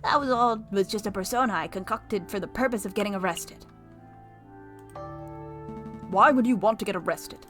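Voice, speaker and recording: A woman's voice: mid-range voice, moderate pace, pauses often, over music, natural voice. A woman voicing a sly male fox thief in a visual novel, speaking in a theatrical, evasive manner. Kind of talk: reading a visual novel aloud.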